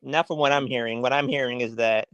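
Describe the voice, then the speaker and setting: A man's voice: medium pitch, steady tone, quick pace, fairly bright tone, clean tone, dry recording, low-quality recording. A man co-hosting a wrestling podcast, telling stories in an amused, casual way. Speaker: podcast co-host. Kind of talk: casual chat.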